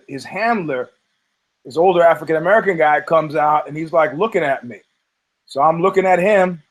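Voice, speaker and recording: A man hosting a podcast, telling a story in a casual, profane, animated way and acting out the people in it. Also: fairly high pitch, rough recording. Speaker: podcast host.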